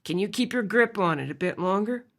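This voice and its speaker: Low raspy male rancher voiced by a woman, calm, soothing, audiobook. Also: fairly quick, close to an everyday voice. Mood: steady, instructive. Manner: coaxing, gentle and soothing.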